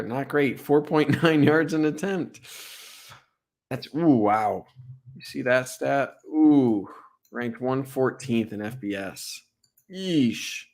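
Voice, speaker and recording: On a live stream, a young man with a medium-pitched voice casually breaks down football film, excitable and full of fillers like "like" and "right?".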